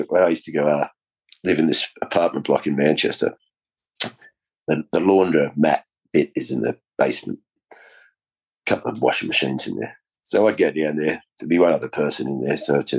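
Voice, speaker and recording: A man's voice: rumbling low, brisk, breathy edge. A middle-aged man, a comedian guesting on a podcast, talking bluntly and jokily, swearing and calling people mate. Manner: blunt and jokey, swears, calls people mate, acts out little scenes. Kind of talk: casual conversation.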